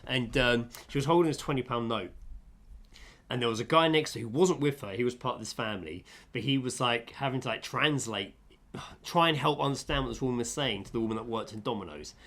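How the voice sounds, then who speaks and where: A man's voice: mid-range voice, fast talker. A man, co-hosting a podcast and telling an anecdote in casual chat, acting out the dialogue. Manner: animated storyteller, acts out dialogue. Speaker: podcast co-host.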